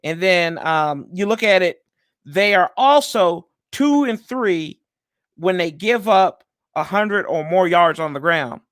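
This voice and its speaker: High-voiced man in casual sports chat. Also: lively intonation, slow pace, fairly bright tone, no room sound, studio quality. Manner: loose and chatty, with frequent fillers and self-corrections. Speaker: podcast host. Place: at home.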